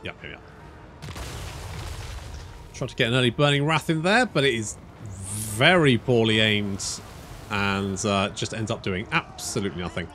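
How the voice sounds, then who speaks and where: A man's voice: on the low side, unhurried, long pauses, a bit bright, a little hiss or hum. A man casually commenting on his strategy game as he plays. He thinks aloud, corrects himself as he goes and swears freely. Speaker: gaming YouTuber.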